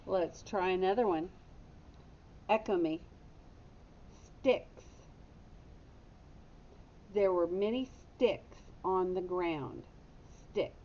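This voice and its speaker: Teaching phonics to young children, a woman stays patient and pauses to correct her own mistakes. The recording sounds dull and lo-fi, with a faint rumble underneath.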